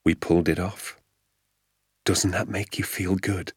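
A calm, amused father with a knowing, easygoing way of talking, as a male narrator voices him. His voice stays deep and low, recorded close and dry like a storybook reading. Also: measured pace, breathy edge, dry recording, exaggerated voice. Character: easygoing, playful father, a poacher. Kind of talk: audiobook character voice.

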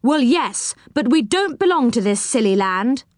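A woman doing a lively, plucky young man. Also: fairly high pitch, measured pace, no room sound, clean studio sound. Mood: cheeky.

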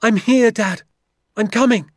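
Scared young boy, put on by a man, high strained pleading, lively swoops, dry close sound. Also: a little fast, husky, dry recording. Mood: anxious. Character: frightened young boy calling for his father.

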